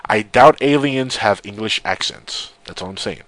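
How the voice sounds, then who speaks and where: A man's voice: lowish voice, moderate pace, a bit bright, slight background noise. Sarcastic male radio host. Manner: sarcastic, reads news aloud with mocking asides. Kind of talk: casual joking radio chat.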